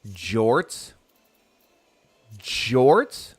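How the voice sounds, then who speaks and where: A man streaming a video game, chatting excitedly and answering his chat. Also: medium pitch, drawn-out words, slightly rough. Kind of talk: casual live gameplay chat.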